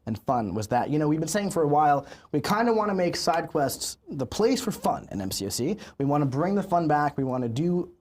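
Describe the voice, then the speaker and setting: A man in his thirties hosting an official game livestream with hyped, chatty energy and drawn-out emphasis. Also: on the high side, big pitch swings, a little mellow. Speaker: livestream host.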